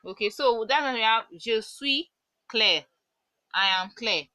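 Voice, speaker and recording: Bright-voiced woman teaching French. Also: a little high, no room sound, poor audio. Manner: patient, repeats words slowly for pronunciation. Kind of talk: online language lesson.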